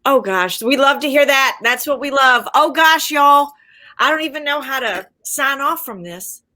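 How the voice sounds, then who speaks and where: A woman's voice: high-pitched, expressive, moderate pace, bright, forceful tone. A woman hosting a book festival livestream on a video call, gushing and effusive.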